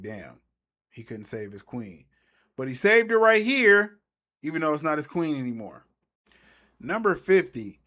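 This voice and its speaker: A man's voice: medium pitch, a bit bright. A man giving a casual, rambling movie recap as a YouTuber, slangy and trailing off mid-thought.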